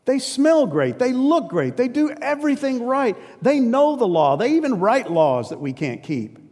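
A man doing a disbelieving listener who objects in a strained, high-pitched voice, every complaint hanging in the long echo of a big hall. He sounds exasperated and indignant. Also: sing-song, moderate pace, a little mellow, full character voice. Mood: incredulous. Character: incredulous male listener, exasperated and protesting.

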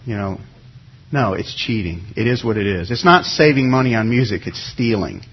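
A man's voice: mid-range voice, animated, normal speed, breathy edge, dull audio. A middle-aged man, a pastor, preaching a sermon in a conversational way and acting out everyday excuses as little quotes.

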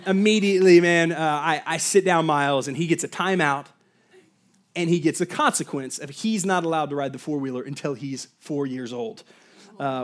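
Male pastor, thirties, sermon, lively storyteller, slightly high voice, casual fillers and asides.

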